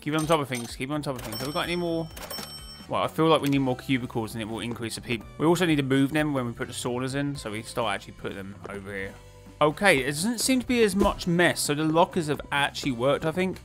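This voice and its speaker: A man giving casual, excitable commentary while he plays a management game, talking to himself and laughing often. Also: mid-range voice, quick pace, soft background music. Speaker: gaming YouTuber.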